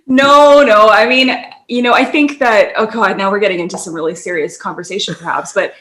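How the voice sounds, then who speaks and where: A woman's voice: mid-range voice, fairly even intonation, brisk, a bit bright. A young woman co-hosting a casual podcast chat, rambling, breaking off mid-thought and laughing often. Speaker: podcast co-host.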